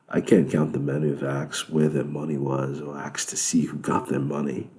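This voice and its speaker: A sardonic male devil with a British accent holds court in his club, amused and lecturing, voiced by a man. The voice sits very low and gravelly. Its tone is dark and mellow.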